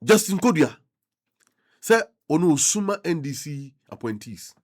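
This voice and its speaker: A man's voice: a little high, big pitch swings, unhurried, no echo, clean studio sound. A man with a Ghanaian accent giving impassioned political commentary as a radio talk show host, mixing Twi and English. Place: radio studio.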